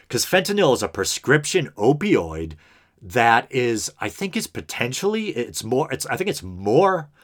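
A man's voice: medium pitch, a bit bright. A man hosting an unscripted podcast, talking in an earnest, rambling way with lots of fillers and restarts. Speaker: podcast host.

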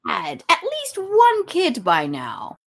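A woman's voice: very high voice, huge pitch swings, slow, gravelly. A woman co-hosting a podcast in casual chat, sarcastic and sweary, breaking into silly mocking voices. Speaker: podcast co-host.

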